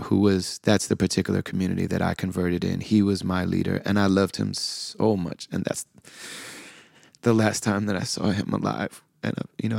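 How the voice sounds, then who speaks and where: A middle-aged man hosting a podcast, softly telling a heartfelt personal story with quoted dialogue. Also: deep voice, vocal fry, no room sound, studio quality. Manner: soft-spoken, heartfelt, with frequent fillers and quoted dialogue. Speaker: podcast host.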